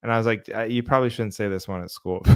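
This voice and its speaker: A man's voice: lowish voice, steady tone, quick pace, clear, resonant tone, dry recording, clean studio sound. A man in his thirties co-hosting a podcast, telling stories in a laid-back way and laughing easily. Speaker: podcast co-host. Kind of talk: casual chat.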